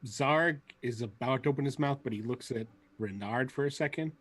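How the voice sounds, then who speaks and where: Husky-voiced man playing a tabletop game. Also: mid-range voice, fairly bright tone. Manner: quick, joking remarks. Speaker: player. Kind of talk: casual tabletop game chat.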